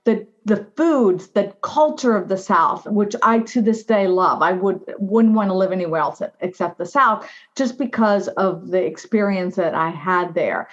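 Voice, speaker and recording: Middle-aged woman, animated interview guest, chatty storyteller, mid-pitched, slightly muffled audio. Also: unhurried. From United States. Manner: animated, frequent "right?" and "you know". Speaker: guest, diversity officer.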